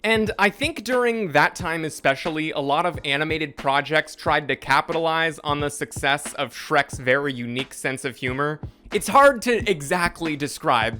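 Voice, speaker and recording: A young man riffing through a sarcastic commentary in a casual, self-mocking way. His voice is bright and sits slightly high. Faint background music plays behind him. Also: expressive, normal speed. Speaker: commentary host.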